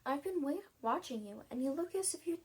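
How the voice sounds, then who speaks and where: Talking seagull for a storybook: curious, chatty, chirpy, pitched up, as a woman reader puts it on. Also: expressive, a little fast. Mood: eager.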